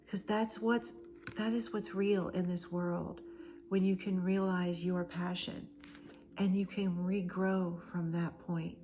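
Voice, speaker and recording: Woman, spiritual card reader, low-ish voice, very slow and emphatic, drifts into near-whispers. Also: level tone, slight background noise. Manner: slow, emphatic and repetitive, dropping into soft breathy near-whispers. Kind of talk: channeled collective oracle card reading.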